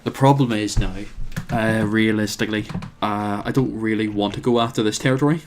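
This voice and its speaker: A man's voice: on the low side, steady tone, a little fast, soft background music. A man commentating his own strategy game, thinking aloud with plenty of hesitations and wry asides. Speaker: let's play host.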